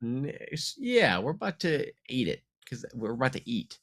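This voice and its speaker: A man's voice: mid-range voice, very animated, normal speed, fairly bright tone. A man co-hosting a podcast in casual comedic chat, rambling and laughing often. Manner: goofy, rambling, laughs a lot. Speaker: podcast co-host.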